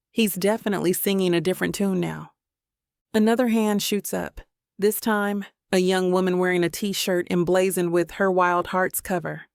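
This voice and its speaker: A woman narrating a first-person romance audiobook in an expressive storytelling manner on a close mic. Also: fairly low pitch, gravelly, clear, resonant tone, no room sound.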